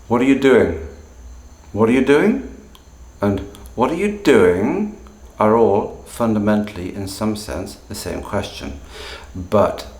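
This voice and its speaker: Man, pronunciation teacher, lowish voice, echoey room, acts out sample phrases. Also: a little mellow. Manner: demonstrates intonation by repeating phrases with exaggerated tones. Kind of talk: explanatory teaching monologue. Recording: roomy echo.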